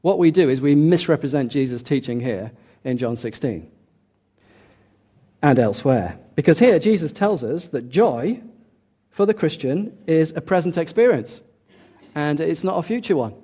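A man preaching a sermon, emphatic, dropping soft and then rising loud for key points. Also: on the high side, animated, moderate pace, husky.

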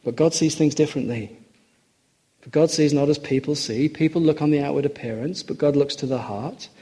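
Male preacher, husky and mellow, earnest sermon delivery with emphatic rises. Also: on the high side. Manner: earnest, rising for emphasis, slows on quoted scripture.

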